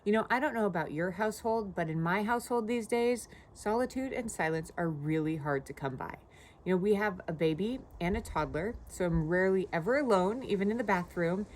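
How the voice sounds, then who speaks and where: A woman in her thirties, a pastor, gives a devotional video talk, telling personal stories conversationally and saying "you know" a lot. Her voice is fairly low and somewhat dark, animated and brisk, with slight background noise.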